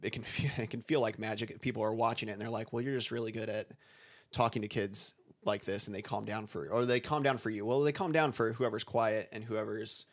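A man's voice: fairly low pitch, fairly even intonation, fairly quick. A man co-hosting a podcast, talking through ideas in a thoughtful, meandering way with many restarts and fillers. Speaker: podcast co-host, school staff. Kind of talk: casual conversation.

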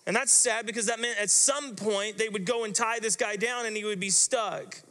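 A man's voice: sits high, bright, forceful tone, big-room sound. A man preaching a sermon as pastor, telling the story in a dramatic, vivid way.

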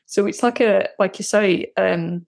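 A woman's voice: medium pitch, unhurried, creaky, darkish tone. A woman, frankly recounting her frustrations as a therapy client. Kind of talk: candid personal account.

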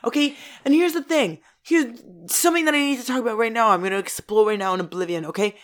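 A woman in her twenties co-hosting a podcast, chatting in an excitable, ranting way and swearing a lot. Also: on the high side, fast talker. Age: 20s. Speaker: podcast co-host. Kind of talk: casual chat.

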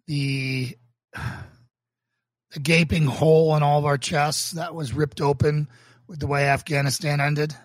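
This is a pastor from Boston hosting his own stream, a man whose voice sits somewhat high. He speaks earnestly and with feeling, often stopping to restart a thought. The sound is dry and close, with no room around it. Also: level tone, dry recording. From Boston, United States. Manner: earnest and emotional, halting with restarts. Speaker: pastor and show host. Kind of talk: livestreamed casual talk leading into a sermon.

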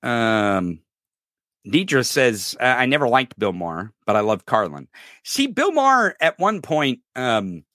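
Speaking a little slowly in a mid-range voice, a political podcast host goes on a casual, swear-filled rant. He's animated and rambling, with frequent laughs and stumbles, and the sound is dry and clean, studio-grade.

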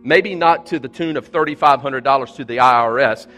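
A man's voice: medium pitch, fairly quick, pushed and bright, soft background music. A man preaching a sermon as a pastor, emphatic and repetitive, his voice climbing when he voices people's pleas. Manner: emphatic preaching with repeated phrases, voice rising in quoted pleas. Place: church sanctuary.

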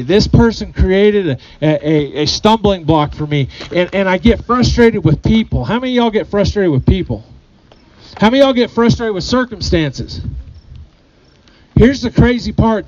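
Man, pastor, sermon, high voice, earnest, repeats himself, muffled church recording. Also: expressive, moderate pace, a little mellow, a little hiss or hum. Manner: earnest, repeats phrases, asks the congregation questions.

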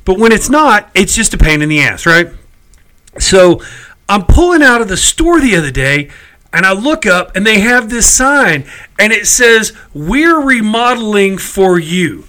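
A man's voice: high-pitched, very animated, measured pace, sharp tone, rough recording. A middle-aged man, telling a story in casual chat, exasperated and cursing freely. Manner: chatty, exasperated, salty language.

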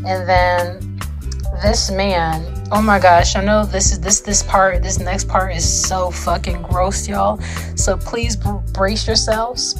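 A woman's voice: mid-range voice, slow pace, over music. A young woman telling a story in a casual vlog, swearing often and filling her speech with "like". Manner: swearing, lots of "like" fillers, animated retelling.

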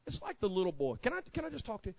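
A man preaching a sermon in a high voice, swinging from shouted climaxes to hushed storytelling. The recording is dry and dull, with a lo-fi sound. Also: wildly swooping pitch, racing, vocal fry, no echo. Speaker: pastor.

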